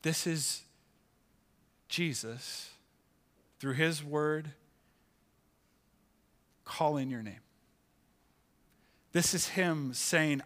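A male pastor preaching from the pulpit of a church. His voice sits a little high for a man, and he takes his time, drawing words out slowly. He builds a line dramatically, then lets key words fall to a near hush. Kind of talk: sermon.

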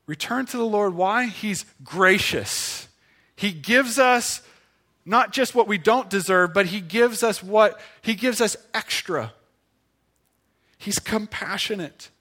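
A man preaching a sermon as pastor, earnest and pleading, slowing for emphasis and dropping to a hush. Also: high-pitched.

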